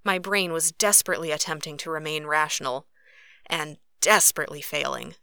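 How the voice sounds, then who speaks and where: A woman narrating a first-person novel as an audiobook, with expressive, lively reading. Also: low-pitched, brisk, clear, resonant tone, dry recording, clean studio sound.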